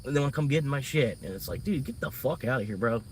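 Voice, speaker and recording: A man's voice: mid-range voice, animated, fast talker, a little mellow, far from the mic, slight background noise. Profane, rambling man venting outdoors. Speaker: livestreamer. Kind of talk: casual venting monologue.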